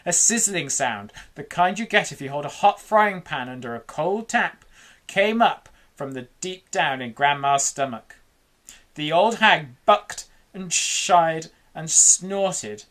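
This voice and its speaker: A woman reading a children's book aloud in an animated, dramatic way. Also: low-pitched, slow. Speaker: storyteller.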